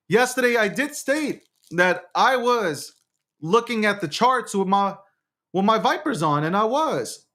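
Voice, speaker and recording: A high-voiced man hosting a live crypto show, rattling off hyped, repetitive showman patter. He circles back on the same phrases again and again and talks straight to his audience. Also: bright, forceful tone. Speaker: livestream host. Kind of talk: casual crypto livestream chat.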